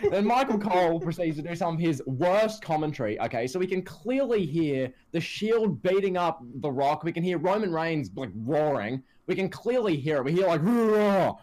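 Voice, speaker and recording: Animated ranting man, lively pitch. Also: moderate pace. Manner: animated ranting, quotes others in put-on voices. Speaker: podcast co-host. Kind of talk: casual wrestling chat.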